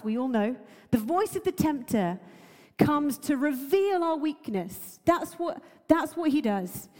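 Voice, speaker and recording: A woman's voice: high-pitched, a little mellow, in a large hall. A woman preacher giving a sermon, earnest and emotional, laughing now and then and using many fillers.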